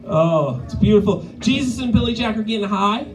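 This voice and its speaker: High-voiced crude stand-up man. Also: low-quality recording. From Maine, USA. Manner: crude, profane, laughs at own jokes. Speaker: stand-up comedian. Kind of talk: live stand-up set. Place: live comedy venue.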